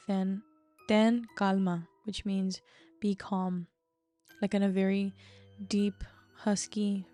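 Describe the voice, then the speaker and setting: A woman's voice: mid-range voice, dark tone. A woman casually narrating a story, chatty, with lots of fillers.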